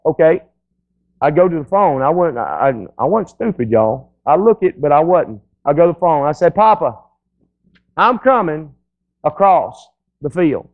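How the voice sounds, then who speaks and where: A man's voice: on the high side, big pitch swings, normal speed, creaky, phone-quality sound. A man with a Southern American accent, a pastor preaching a sermon in a folksy, conversational way. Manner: folksy, conversational, acts out listeners' voices. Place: church sanctuary.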